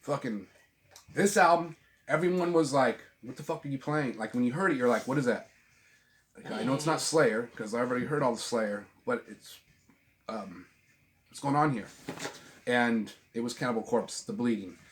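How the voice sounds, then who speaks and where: A man's voice: medium pitch, normal speed, long pauses, slight background noise. A middle-aged man talks about records at home in a loose, rambling way. He swears freely and keeps breaking off and restarting his sentences. The sound comes from a camera mic on a tripod. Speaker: vinyl channel host. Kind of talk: casual chat about albums. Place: at home with a dog.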